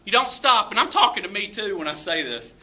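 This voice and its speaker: A man giving a motivational talk to a live audience, telling a story in an animated way with frequent laughs. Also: high voice, brisk. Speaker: motivational speaker. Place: event room with an audience.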